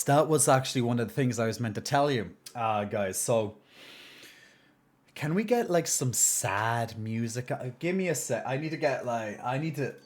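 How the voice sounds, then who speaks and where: A man's voice: medium pitch, darkish tone. A man chatting casually and playfully to his live-stream viewers, full of fillers and restarts, and at times putting on a mock-solemn tone. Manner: mock-solemn when playing up sad news.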